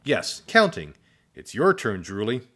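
A man voicing a friendly, cheerful woman teacher in a storybook read-aloud, with a bright sing-song voice. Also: lowish voice, very animated, a little slow, slightly rough, full character voice. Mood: sweet, cheery.

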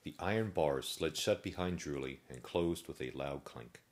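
A man reading a children's story aloud in a steady, gently amused narration. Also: very deep voice, moderate pace.

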